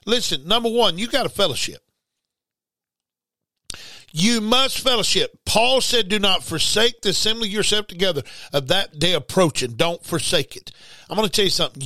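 A man preaches a sermon emphatically, repeating words and reading scripture aloud. His voice is high-pitched and sharp, recorded without echo.

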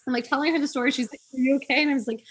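A woman's voice: high voice, fairly even intonation, racing, fairly bright tone. A woman guest on a podcast, telling a dating story with giggles and quoting herself. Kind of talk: casual storytelling chat.

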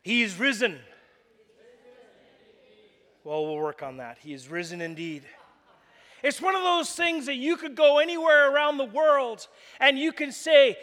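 Man, very high voice, bright and forceful, animated preaching, echoing hall. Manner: animated, jokey storytelling. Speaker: pastor. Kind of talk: sermon.

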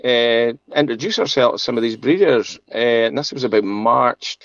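A man's voice: mid-range voice, fairly bright tone, no room sound, highs cut off. A man, a sheep farmer being interviewed, telling a long story casually with many restarts and laughs. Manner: chatty, halting, laughs often, many restarts.

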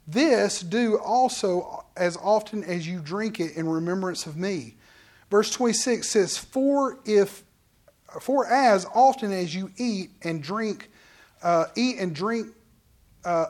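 A pastor preaching a midweek sermon in a conversational way, jumping from loud exclamations to soft, hushed asides. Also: medium pitch.

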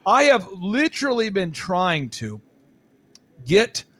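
A man's voice: high voice, big pitch swings, takes it slowly, noisy background. A man talking as a podcast guest, rambling and joking with emphatic restarts. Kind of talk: excited podcast interview talk.

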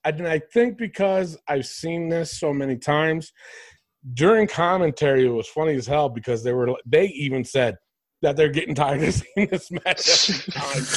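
A man hosting a casual podcast chat, talking animatedly and swearing freely. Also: a little high. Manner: animated, swears, mimics commentators. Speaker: podcast host. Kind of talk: casual wrestling review chat.

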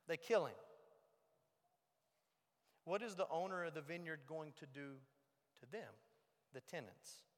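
A man preaching a sermon as pastor, moving between loud emphasis and hushed low lines. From United States. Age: young adult or middle-aged. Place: church sanctuary. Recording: long reverb of a large hall.

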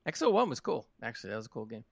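A man's voice: mid-range voice, sing-song, very fast, vocal fry, no echo, clean studio sound. A British man co-hosting a gaming podcast, rambling through the week's game news with restarts. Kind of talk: casual chat.

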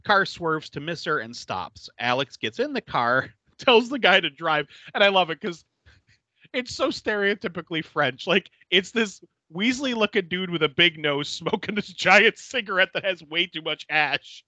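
A male podcast host in relaxed, casual chat, retelling a horror film scene by scene. His voice is bright and sharp, and his pitch jumps around animatedly. He laughs often and swears freely, and the sound is dry and close. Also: moderate pace, no echo.

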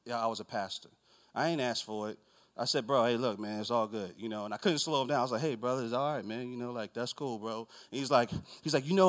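A man's voice: mid-range voice, a bit bright. A man pastor preaching a sermon as a rambling, conversational story, acting out dialogue.

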